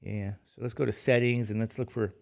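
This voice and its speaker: A man's voice: on the low side, fairly even intonation, fairly quick, creaky, a little mellow. Tired middle-aged guy teaching math, chatty and rambly, jokes at himself. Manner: rambling, self-deprecating, chatty asides. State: tired, sleepy. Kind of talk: casual classroom lecture.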